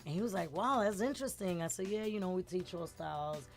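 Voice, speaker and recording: A middle-aged woman, telling a lively story as a guest in a casual interview and acting out the voices of the people in it. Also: lowish voice, fast talker, soft background music. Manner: animated, acts out quoted voices, switches between English and Spanish words.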